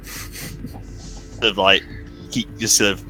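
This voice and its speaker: A man's voice: fairly low pitch, flat delivery, extremely slow, pushed and bright, faint music behind, low-quality recording. A man playing in a tabletop game, describing his character's actions casually with lots of hedging. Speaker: player. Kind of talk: tabletop role-play.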